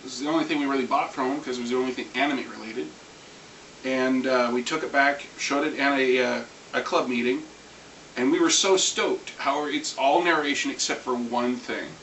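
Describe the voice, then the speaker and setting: A man ranting casually about anime, rambling and animated, swearing now and then. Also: medium pitch, fairly quick. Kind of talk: casual rant. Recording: echoey room, far from mic, faint hiss.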